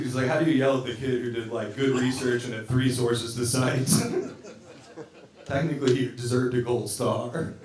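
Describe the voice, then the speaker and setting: A man doing a live stand-up set, teasing the crowd with loose, chatty jokes and laughing asides. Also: mid-range voice. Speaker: stand-up comedian. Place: live music venue with a band on stage. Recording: roomy live venue from a distance.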